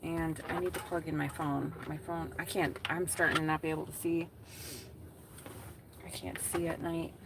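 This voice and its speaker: A woman's voice: low-pitched, flat delivery, normal speed, background noise. A woman from Wisconsin, livestreaming casually from inside her car during gig work, talking to her chat in a blunt way, swearing freely and laughing often. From Wisconsin, USA.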